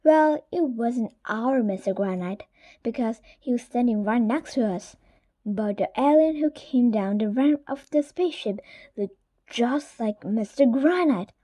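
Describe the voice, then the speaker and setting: A woman with a fairly high, mellow voice reads a children's chapter book aloud. She trips over words now and then and goes back to fix them. She sounds brighter when she voices the kids in the story and hushes to a whisper for asides. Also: expressive, a little slow. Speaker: reader.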